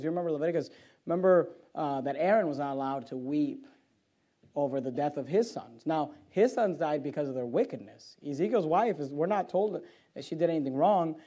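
A man preaching a sermon who reads scripture aloud and explains it verse by verse, building to loud emphatic passages and then dropping low and quiet. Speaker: pastor.

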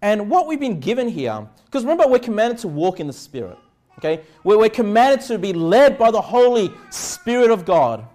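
A man pastor preaching a sermon earnestly, asking the listeners rhetorical questions and reading scripture slowly and deliberately. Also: sits high, sing-song, mellow.

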